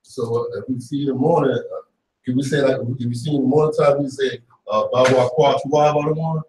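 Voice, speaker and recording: A man student asking hesitant, halting questions in class. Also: medium pitch, fairly even intonation, a little mellow, roomy sound, recorded from a distance, slight background noise, low-quality recording.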